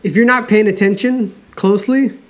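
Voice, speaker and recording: A man co-hosting a podcast in casual chat, relaxed and hesitant, with many ums. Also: sits high, normal speed. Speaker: podcast co-host.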